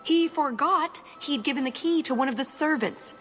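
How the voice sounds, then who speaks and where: A woman's voice: sits high, moderate pace, fairly bright tone, faint music behind. An actress voicing a sly female rogue in a video game, polite and wry. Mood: scheming.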